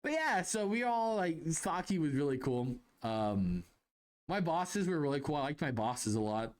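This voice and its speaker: A young man hosting a podcast, telling job anecdotes in a rambling, animated way with lots of restarts. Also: on the high side, unhurried. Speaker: podcast host. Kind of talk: casual storytelling monologue.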